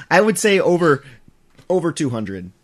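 A man's voice: fairly high pitch, husky. A man in casual chat, animatedly recounting a story and acting out the characters. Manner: animated retelling, acts out characters.

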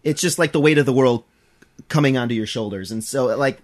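A man's voice: mid-range voice, fairly quick. A man in casual chat, animatedly recounting a story and acting out the characters. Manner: animated retelling, acts out characters.

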